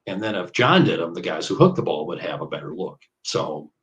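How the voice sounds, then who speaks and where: A man's voice: low-pitched, big pitch swings, fairly quick, low-quality recording. A man in his fifties from Iowa, a bowler chatting as an interview guest, rambling with many fillers and tangents. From Iowa, US Midwest. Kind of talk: casual interview chat.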